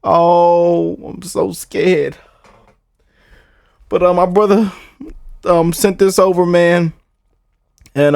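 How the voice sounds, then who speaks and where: A man's voice: fairly high pitch, darkish tone, no room sound, clean studio sound. A young American man hosting a casual reaction video, playful and mock-scared, laughing often and repeating himself. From United States.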